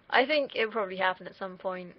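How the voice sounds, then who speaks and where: A woman's voice: mid-range voice, highs cut off. A young woman from the UK, vlogging in a casual, rambling monologue that wanders off on tangents, with the odd swear word. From United Kingdom.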